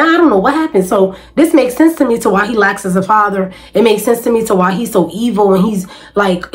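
A woman's voice: fairly high pitch, rough recording. A woman vlogger, venting emphatically and repetitively in casual talk to camera.

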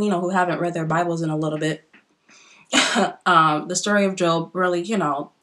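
A young woman in casual get-ready-with-me vlog chat, chatty and expressive, often talking straight to her viewers. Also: medium pitch. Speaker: beauty vlogger.

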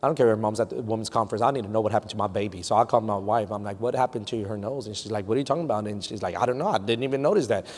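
A man in his thirties with a Texan accent, preaching a sermon as pastor, swinging from quiet storytelling to loud peaks and slipping Spanish phrases into English. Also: on the low side, rapid-fire, few pauses, slightly rough. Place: large church sanctuary. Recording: long hall reverb.

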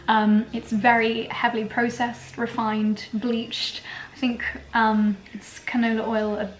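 A young British woman vlogging in her home kitchen, chatty and giggly, playful with made-up words. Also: on the high side. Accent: British English. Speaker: lifestyle vlogger. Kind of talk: casual kitchen vlog chat. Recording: roomy kitchen echo, faint background noise.

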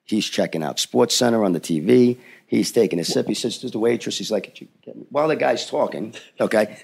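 A man with a low, gravelly voice tells a long anecdote as a podcast guest. He talks casually, full of fillers and restarts, and acts out the lines of the people in his story. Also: a little fast. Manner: animated storyteller, acts out quotes; frequent filler words and restarts. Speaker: film industry veteran guest.

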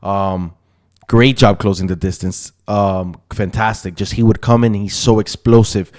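A man's voice: lowish voice, steady tone, a little slow, a little mellow. A man giving a casual, opinionated breakdown of fight results, chatty with frequent ums and asides. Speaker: MMA YouTuber.

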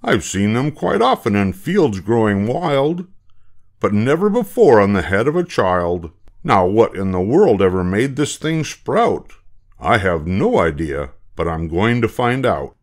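Old man doing a puffed-up know-it-all principal, slow, booming, pompous storybook voice. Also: sing-song. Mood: declaiming. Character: wise, pompous older male school principal.

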